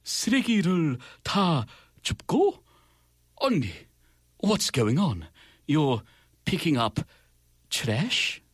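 Man doing a mock-amazed young woman, put-on British accent, lively swooping pitch, dry. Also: normal speed, long pauses, slightly rough, no room sound, heavily acted. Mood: teasing. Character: teasing young woman poking fun at her friend.

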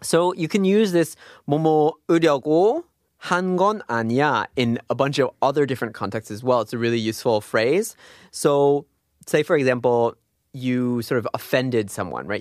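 A man giving a casual language lesson, chatty and loose, with plenty of "like" and "um" as he explains. His voice sits at a middle pitch. The recording is dry and close, with no room sound. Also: no echo. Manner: chatty, many fillers and asides. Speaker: language teacher.

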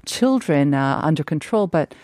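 A woman in a casual discussion, speaking in a thoughtful, measured way with frequent fillers. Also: deep voice, expressive, a little mellow, dry recording, clean studio sound.

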